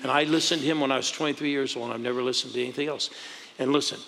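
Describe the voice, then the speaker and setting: A male pastor telling stories in an exclamatory, emphatic way, with loud outbursts to the crowd. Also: medium pitch, steady tone, very fast, vocal fry. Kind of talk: animated storytelling testimony. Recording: long hall reverb.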